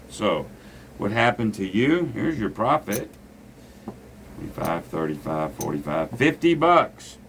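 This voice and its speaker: Man, very low voice, blunt gambling teacher, faint noise behind. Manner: blunt, preachy, swears freely. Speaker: gambling instructor. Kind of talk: casual craps lesson at a table.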